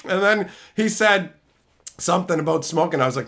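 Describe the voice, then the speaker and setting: Male streamer host, higher voice, very animated delivery, crude casual storytelling. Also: normal speed. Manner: profane, animated, mimics coworkers in quotes.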